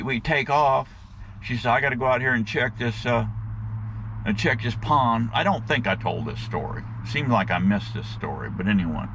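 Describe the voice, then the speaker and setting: A man telling a rambling, folksy story to his viewers in a casual, animated way, with plenty of slang, and he calls them guys. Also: medium pitch, gravelly, a little hiss or hum. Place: outdoors.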